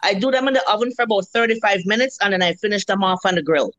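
A Jamaican woman in her fifties, a restaurant cook, telling animated stories in a casual interview, acting out her customers and swearing freely. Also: medium pitch, racing, no echo, muffled recording.

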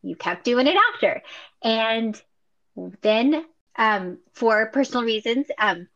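Woman podcast host, conversational interviewer, a bit high-pitched. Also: slow, a bit bright, lo-fi sound. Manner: conversational, prompting questions. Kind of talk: interviewing a guest.

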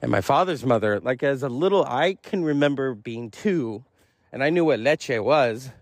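A man talking casually on his own podcast, rambling and laughing between thoughts and jumping up in pitch to act out what others said. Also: moderate pace, no echo. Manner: animated, jumps high to act out quotes. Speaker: podcast host and teacher. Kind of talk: casual solo monologue.

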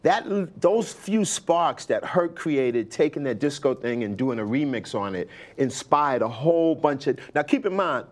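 An older man from New York, a guest telling stories in a relaxed conversation, animated and quoting others with lively bursts. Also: a little high, measured pace, hardly any pauses. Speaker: interview guest, hip hop pioneer. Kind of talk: conversational storytelling.

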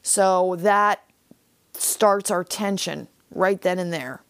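A woman's voice: fairly low pitch, takes it slowly, smooth, no echo. A young woman hosting a podcast, recapping a TV episode in a chatty, casual way full of fillers. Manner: chatty, lots of "like" and "um". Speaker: podcast host.

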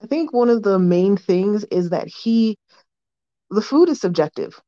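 A woman's voice: mid-range voice, lively intonation, a little slow, mellow. A woman calling in from Toronto, earnestly explaining her view. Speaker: caller. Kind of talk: phoned-in opinion. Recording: dull lo-fi phone line.

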